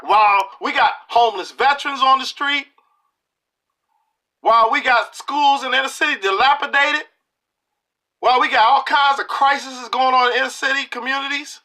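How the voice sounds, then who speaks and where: A man's voice: very high-pitched, steady tone, normal speed, sharp tone. A middle-aged man giving a preachy, emphatic political monologue to camera, talking colloquially and repeating lines for punch. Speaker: political video commentator.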